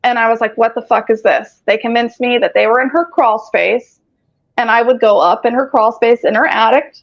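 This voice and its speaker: A woman's voice: fairly high pitch, moderate pace. A woman telling her story in casual chat on a group video call, rambling, cursing often and filling gaps with "um". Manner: rambling, profane, frequent filler words. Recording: lo-fi call audio.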